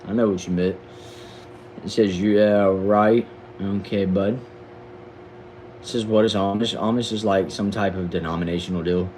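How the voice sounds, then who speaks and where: A man's voice: deep voice, fairly even intonation, moderate pace, long pauses, darkish tone, a little hiss or hum, rough recording. A young man with a Southern accent from Texas, casually reading viewers' comments on a livestream in a slangy, laid-back way, often stumbling over and repeating words. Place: back shed.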